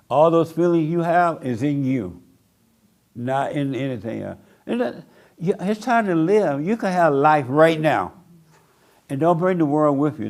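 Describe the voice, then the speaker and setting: An older man preaching a blunt sermon to a small group, mocking people by acting them out in a higher voice. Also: gravelly, a little mellow. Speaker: pastor.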